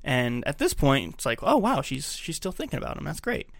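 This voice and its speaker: A man's voice: on the high side, big pitch swings, brisk, gravelly, no room sound. A man co-hosting a podcast, casually retelling a movie's scenes and acting out the characters' lines. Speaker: podcast co-host. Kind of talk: casual chat, recapping a movie. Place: podcast recording setup.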